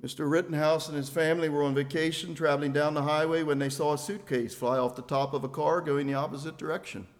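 Older male preacher, high voice, emphatic sermon delivery, loud peaks and soft lows. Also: fairly even intonation, fast talker, hardly any pauses. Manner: emphatic, swells loud on key phrases then drops low.

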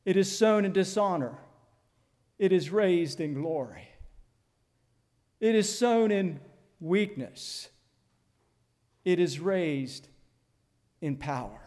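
An older man preaching a sermon in a measured, earnest way, pausing deliberately and reading scripture aloud. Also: sits high, lively intonation, darkish tone, long reverb tail.

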